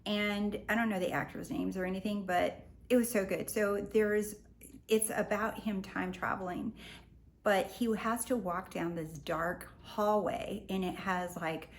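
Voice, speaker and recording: A woman, a spiritual life coach, talking casually to her viewers in a lively, slangy way and acting out the voices she quotes. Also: mid-range voice, unhurried. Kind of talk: casual talk to camera.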